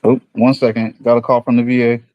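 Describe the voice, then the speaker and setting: A man with a New York accent chatting with viewers on a livestream in an easygoing way, drifting from one thought to the next. His pitch sits in a middle range. The room sounds dry and close, with no echo. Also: flat delivery, quick pace, dull audio. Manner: rambling, easygoing, thinks aloud. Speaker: livestream host. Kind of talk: casual livestream chat with viewers.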